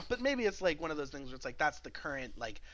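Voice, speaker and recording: A man's voice: on the high side, big pitch swings, a little fast, a bit bright. Rambling, laughing male podcast co-host. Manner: rambling, many fillers and laughs. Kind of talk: casual chat recapping a TV episode.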